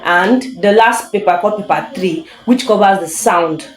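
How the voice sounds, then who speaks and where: A woman teaching English in a casual online lesson, chatty, laughing often and reading examples slowly for emphasis. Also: mid-range voice. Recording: echoey room.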